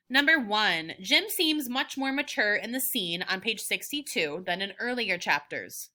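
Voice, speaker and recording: Woman teacher, recorded lesson, very bright tone, patient and clear. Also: medium pitch, lively intonation, moderate pace, few pauses. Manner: clear, patient question-by-question guidance.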